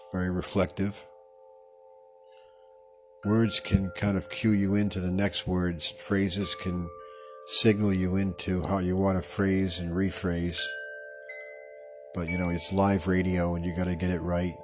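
This is a man with a very deep voice, hosting a live radio meditation show. He talks slowly and wanders from one tangent to the next, often tripping over and rephrasing his own words. Soft music and wind chimes play faintly behind him. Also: level tone. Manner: meandering and digressive, fumbles and corrects words. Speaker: radio host. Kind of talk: rambling meditation monologue.

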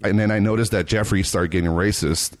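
Low-voiced man swearing through a story. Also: fairly even intonation, a little fast. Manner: profane storytelling. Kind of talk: casual chat.

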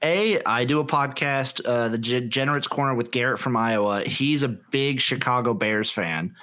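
A man co-hosting a sports podcast, hyped and profane as he fires off quick opinions. His voice sits at an ordinary middle pitch. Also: sharp tone. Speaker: podcast co-host. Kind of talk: casual sports chat.

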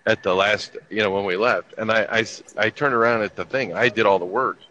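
In his fifties, a man swaps army stories in casual chat, laid-back, profane and wry, his voice on the low side, fairly quick, sharp and fairly even in intonation. The recording is dull and lo-fi, with faint ambience and a little hiss or hum.

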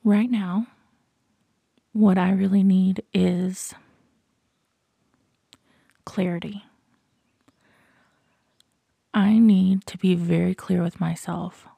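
Speaking slowly and reflectively, a podcast host offers motivational thoughts, repeating questions to her listener and frequently dropping to a soft whisper. She has a lowish, creaky, slightly rough voice with a level tone, and there's no echo.

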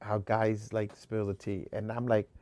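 A man's voice: on the low side, flat delivery, warm tone. Emphatic man co-hosting a podcast. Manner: emphatic, slows down to make a point. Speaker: podcast co-host. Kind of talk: casual chat.

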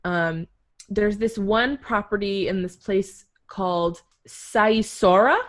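A woman's voice: medium pitch, takes it slowly. A young woman co-hosting a casual podcast, telling a history story with lots of laughs and self-corrections. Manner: giggly, self-correcting, chatty. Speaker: podcast co-host.

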